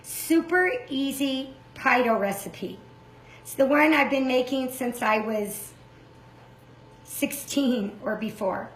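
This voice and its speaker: An older woman hosting a cooking demonstration, chatty and quick to explain each step. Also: high-pitched, reverberant. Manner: chatty, self-described fast talker. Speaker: cooking show host.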